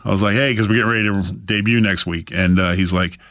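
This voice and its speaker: A man's voice: steady tone, fast talker, fairly bright tone, no echo. A man telling stories as a podcast guest, animatedly acting out the voices of the people in them. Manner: acts out quoted voices with big pitch jumps. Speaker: guest, author. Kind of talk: animated storytelling.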